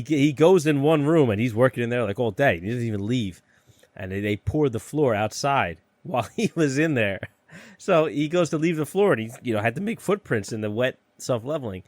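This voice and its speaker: A man's voice: mid-range voice, a little mellow, dry recording. Brief: union-electrician man hosting a podcast, loose and profane, dry sound. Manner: profane, laughing storyteller. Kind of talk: casual chat.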